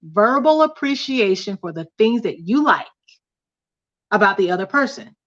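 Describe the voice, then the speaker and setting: A woman's voice: mid-range voice, animated, normal speed, muffled recording. A woman hosting a casual livestream study, teaching and reading aloud from a book, often repeating key points. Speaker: host of a couples study livestream.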